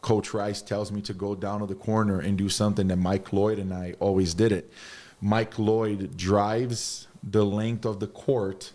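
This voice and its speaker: A man's voice: lowish voice, little pitch movement, measured pace, warm tone. A man who is a former basketball player and TV analyst, telling stories as a guest on a sports podcast. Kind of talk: casual podcast chat, storytelling.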